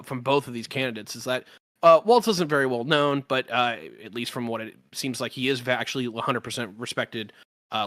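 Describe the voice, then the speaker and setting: Blunt guy on a politics panel, bright punchy voice, dry sound, lots of restarts. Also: mid-range voice, no echo. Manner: hesitant, restarts often, blunt and cursing. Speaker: regular panelist. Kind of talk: casual political discussion.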